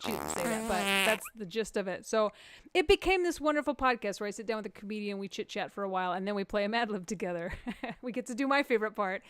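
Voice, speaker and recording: A woman comedian hosting a live stream, joking playfully with the audience and jumping into excited quoted voices. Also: mid-range voice, brisk, smooth, no echo.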